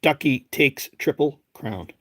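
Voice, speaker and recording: A man's voice: mid-range voice, lively intonation, slow, no echo. Chatty Boston man on a live stream. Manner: chatty, rambling, calls out names as he goes. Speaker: live-stream host opening card packs. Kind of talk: casual live-stream chat.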